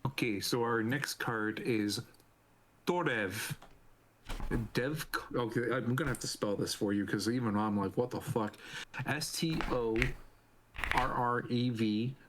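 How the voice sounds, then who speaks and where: An easygoing man of middle pitch, chatting casually as a guest on a live stream. He laughs often. A faint noise sits behind him. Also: a little slow, a bit bright.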